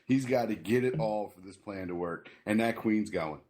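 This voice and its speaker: A man's voice: lowish voice, moderate pace. A man hosting a casual gaming podcast, telling stories animatedly with lots of swearing and laughter. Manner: animated, profane, laughs often. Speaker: podcast host.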